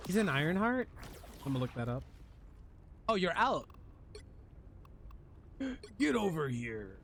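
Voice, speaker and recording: While gaming on stream, this man keeps up animated, jokey banter with his chat. His voice is high and he takes things slowly. Slight background noise can be heard.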